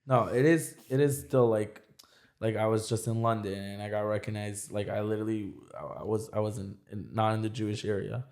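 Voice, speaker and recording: A man's voice: lowish voice, fairly quick, a little mellow. A young man talking as a podcast guest in casual chat, rambling with many restarts. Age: young adult.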